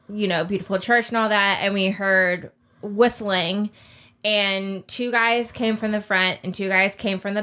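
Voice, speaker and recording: A woman sits in with her co-host and tells a story in a relaxed, rambling way. She says "like" all the time and laughs through the telling. Her voice is bright and forward. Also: mid-range voice. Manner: chatty, filler-heavy, frequent "like". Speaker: co-host of a TV reaction channel. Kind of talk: casual storytelling in a reaction video.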